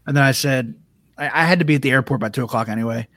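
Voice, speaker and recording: A man's voice: mid-range voice, racing, fairly bright tone, no echo. A man with a mid-range voice co-hosts a casual live podcast. He jokes easily and laughs often, recorded on a dry close mic. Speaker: podcast co-host. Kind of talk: casual live-stream chat.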